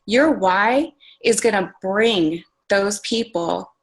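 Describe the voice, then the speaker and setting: A woman's voice: medium pitch, takes it slowly, poor audio. A woman coaching a group on a call, talking casually and earnestly, full of "like" and "you guys". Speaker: fitness coach sharing takeaways on a group call. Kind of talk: casual motivational talk. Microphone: conference call.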